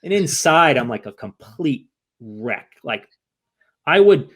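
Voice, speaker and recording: A man's voice: medium pitch, big pitch swings, takes it slowly, husky. A man from the United States, a podcast guest, speaking candidly and rambling with many restarts in an emotional interview.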